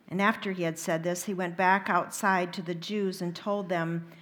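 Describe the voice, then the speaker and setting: A woman reading a Gospel passage aloud in a liturgy, steady and deliberate. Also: on the low side. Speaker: reader.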